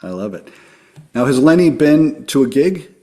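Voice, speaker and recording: A man hosting a casual podcast, asking quick upbeat questions. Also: mid-range voice, very animated, mellow. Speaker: podcast host. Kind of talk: casual interview chat.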